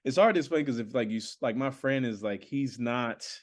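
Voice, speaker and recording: A man telling a story on a podcast, animated and playful as he acts out what his friends said. He laughs and swears freely, and his voice sits at an everyday middle pitch. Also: fairly quick. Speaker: comedian guest.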